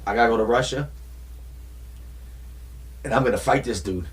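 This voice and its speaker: A man quoting a tough, determined boxer in a blunt, gruff way. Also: medium pitch, normal speed, voice pushed down, lightly acted.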